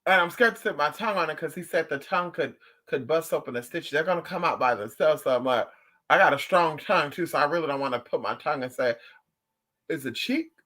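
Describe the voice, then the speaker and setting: Male streamer with a bright, somewhat high voice, sassy and profane, talking casually with viewers. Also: quick pace. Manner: animated, profane and sassy storytelling. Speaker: livestream host.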